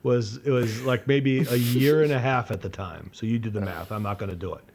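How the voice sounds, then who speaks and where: A man's voice: mid-range voice, brisk, gravelly, darkish tone. Podcast guy, rambling storyteller, swears a lot, cracks himself up. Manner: rambling, profane, laughing at himself. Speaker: podcast co-host. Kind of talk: casual storytelling chat.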